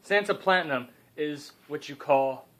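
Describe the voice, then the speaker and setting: A man's voice: a little high, unhurried, a bit bright. A young man improvising a comedic story, rambling and cutting in with joking asides.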